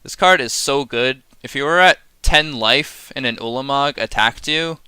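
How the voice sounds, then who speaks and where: Bright, chatty male streamer. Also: medium pitch, normal speed, clear, resonant tone, no echo. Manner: chatty, laughing, sarcastic, works himself up into mock rants. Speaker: streamer reviewing card game sets. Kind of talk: casual live-stream commentary.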